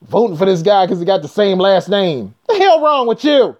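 A man's voice: sits high, sing-song, moderate pace, few pauses, darkish tone. A man hosting a trucking channel, reading news stories aloud and breaking off into blunt, profane rants. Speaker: trucking video host. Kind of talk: casual commentary on news. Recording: dull lo-fi sound.

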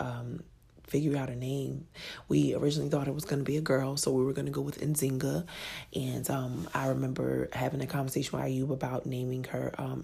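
Gravelly deep-voiced woman in her thirties. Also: darkish tone. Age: 30s. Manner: frank and profane, laughing easily. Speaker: podcast host. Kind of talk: candid personal storytelling.

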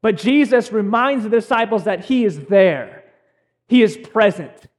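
A young man preaching a sermon as pastor, earnest and conversational, with pauses and restarts. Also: high voice, lively intonation.

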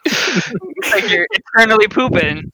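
A young man in his late twenties on a podcast, dropping quick, dry quips. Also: high voice, big pitch swings, bright, forceful tone, poor audio. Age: young adult. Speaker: podcast co-host. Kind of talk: casual chat.

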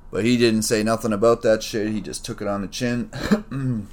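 Deep-voiced man, rambling casual story. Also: fairly even intonation, normal speed. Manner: rambling, profane, streetwise slang, says "man" and "bro" a lot; reflective, gets worked up retelling a conflict.

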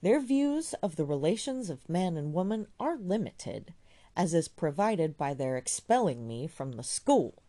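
A woman's voice: fairly low pitch, sing-song, a little slow, dark tone. A woman reading aloud and voicing a clever, ironic young woman who talks learnedly and can turn cutting. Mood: earnest. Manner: learned, cutting, then tearful.

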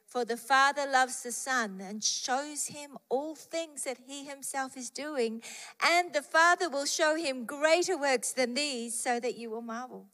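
A woman's voice: high voice, unhurried, sharp tone, in a large hall. A woman preaching a sermon with emphatic repetition of key phrases and scripture read aloud.

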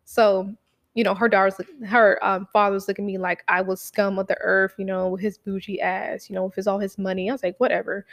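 A young woman casually telling a story, swearing freely and acting out what people said in lively bursts. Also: medium pitch, a little fast, creaky. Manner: animated, profane, acts out quotes.

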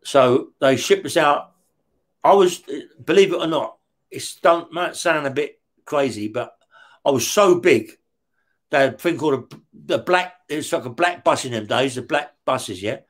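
On the high side and at a moderate pace, a middle-aged man's voice carries his interview stories. The former career criminal swears constantly, laughs as he talks, and checks in with "yeah?".

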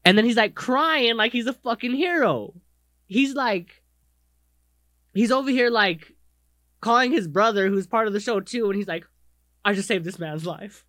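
A man co-hosting a podcast in casual chat, animated and profane, often acting out other people's voices. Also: very high-pitched, normal speed, pauses often, dry recording, clean studio sound. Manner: animated, swears a lot, acts out others' voices; self-described most expressive. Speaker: podcast co-host.

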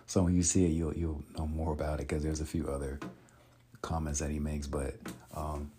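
A man vlogging in a casual, rambling way, with many pauses and restarts. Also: rumbling low, flat delivery, background noise. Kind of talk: casual chat.

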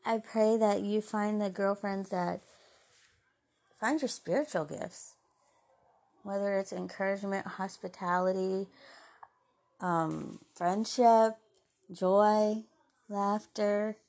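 Gravelly-voiced woman giving heartfelt encouragement. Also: mid-range voice, fairly even intonation, slow pace, long pauses. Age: adult mother. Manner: earnest and heartfelt, softening into gentle asides. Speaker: podcast host. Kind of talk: faith-based encouraging monologue.

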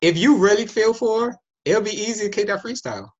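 A man's voice: high voice, brisk, muffled recording. A man in casual chat, speaking candidly in a rambling, slangy way.

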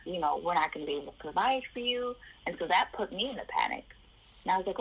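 Low husky woman telling her story. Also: quick pace, lo-fi sound. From Chicago area. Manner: animated, acts out the voices of people in her story. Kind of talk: personal storytelling in an interview.

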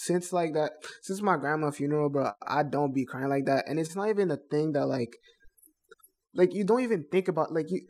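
A man's voice: on the high side, fairly quick, darkish tone. A young man co-hosting a casual podcast, talking bluntly in heavy slang and repeating phrases for emphasis. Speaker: podcast co-host.

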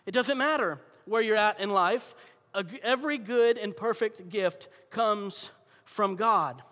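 A man preaching a sermon with a high, bright, forceful voice. He tells stories conversationally and keeps restarting his sentences. A long hall reverb hangs behind every phrase. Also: a little slow. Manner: conversational storytelling with frequent restarts. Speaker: pastor.

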